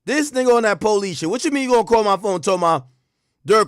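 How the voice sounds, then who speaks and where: A man giving casual, animated commentary on courtroom testimony, speaking in heavy slang and repeating his points for emphasis. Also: high voice, quick pace, smooth, dry recording, studio quality.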